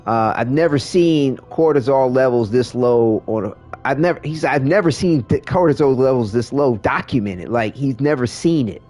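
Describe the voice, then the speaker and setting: A man's voice: mid-range voice, normal speed, few pauses, darkish tone, soft background music. A man streaming a game, chatting casually with viewers in a rambling way, full of restarts and fillers. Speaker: livestreamer. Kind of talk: casual chat while gaming.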